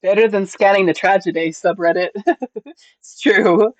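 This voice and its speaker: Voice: medium pitch, fairly even intonation, moderate pace, dry recording, highs cut off. Playful streamer chatting with viewers. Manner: playful, chatty, laughs often. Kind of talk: casual chat with viewers.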